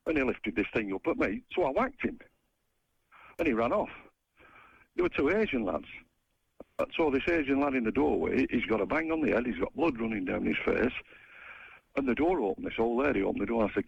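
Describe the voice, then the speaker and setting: An older man, calling in over a muffled phone line. His voice is gravelly and husky, and his pitch swoops up and down as he tells his rambling story in an animated way. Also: fairly quick, long pauses, no room sound. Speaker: caller.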